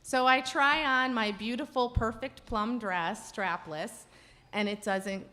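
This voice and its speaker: A woman telling a self-deprecating personal story on stage at a live storytelling event, animated and self-mocking. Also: a little high, slow.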